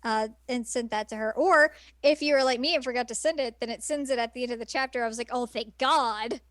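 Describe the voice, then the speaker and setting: A woman's voice: a little high, fast, no echo. Chatty, enthusiastic woman co-host. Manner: enthusiastic, rambling, laughs often. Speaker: podcast co-host. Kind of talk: casual chat.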